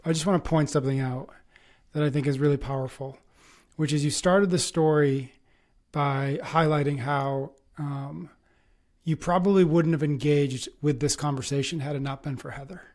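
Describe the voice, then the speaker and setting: A man's voice: fairly high pitch, fairly even intonation, moderate pace, a little mellow. A podcast host speaking earnestly and from the heart as he reflects on what he just heard. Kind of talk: reflective conversation.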